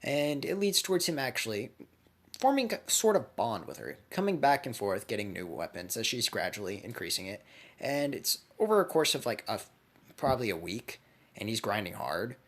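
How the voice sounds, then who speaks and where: A man casually spinning a fan speculation story, rambling and animated. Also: medium pitch, moderate pace.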